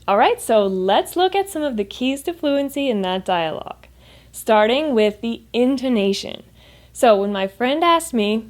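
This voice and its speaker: American woman, English teacher, clear and upbeat, slightly high pitch. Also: lively intonation. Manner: clear, upbeat, modeling sounds slowly. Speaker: pronunciation teacher. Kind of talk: scripted English lesson to camera.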